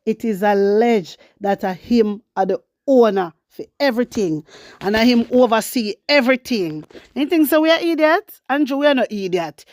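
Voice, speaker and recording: A woman's voice: fairly high pitch, normal speed, no echo, clean studio sound. A Jamaican woman hosting casual political commentary, switching between patois and English and speaking straight to her viewers. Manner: animated, mixes Jamaican patois and English, addresses viewers as wisdom warriors; reads news excerpts aloud.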